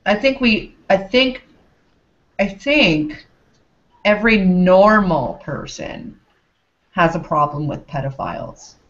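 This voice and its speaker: A woman's voice: mid-range voice, animated, slow, long pauses. A woman in casual chat, firm and emphatic, who repeats her points. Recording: dull lo-fi audio.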